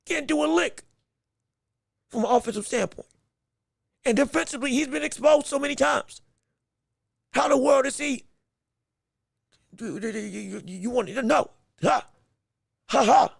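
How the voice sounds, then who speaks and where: A man's voice: extremely high pitch, vocal fry, breathy edge, dry recording, clean studio sound. A man hosting a sports podcast, talking animatedly and casually, often repeating words and laughing as he goes. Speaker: podcast host. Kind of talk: solo sports commentary podcast.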